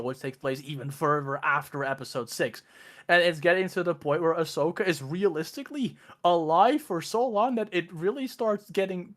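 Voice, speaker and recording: A young man with a slightly high voice talks loosely and rambles in casual chat. He often restarts his sentences and breaks into laughter. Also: a bit bright.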